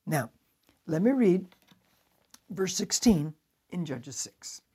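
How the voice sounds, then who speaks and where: Husky, animated male pastor preaching. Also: sits high, slow pace. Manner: dramatic storytelling, swinging from loud to hushed. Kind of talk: sermon.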